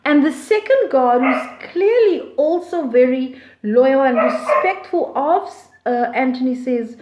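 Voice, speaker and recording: Slow, high-voiced woman teaching literature. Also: lively intonation, darkish tone. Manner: slow, deliberate, with frequent fillers and restarts. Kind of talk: explaining a play. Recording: roomy echo.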